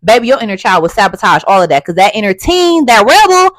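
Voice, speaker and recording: A young woman gives a casual motivational talk straight to the listener, affectionate and chatty. She drops to soft, hushed stretches and then rises to loud, lively bursts. Her mid-pitched voice sits in a dry, close space with almost no room sound. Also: fast talker, no room sound. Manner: warm, chatty, calls listener "baby", swings from soft to loud. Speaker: life coach.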